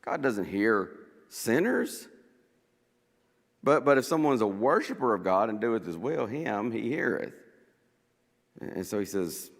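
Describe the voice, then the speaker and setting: Animated man teaching Bible study. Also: fairly low pitch, unhurried, vocal fry, long pauses, long reverb tail. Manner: animated, acting out scripture quotes with chuckles. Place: church.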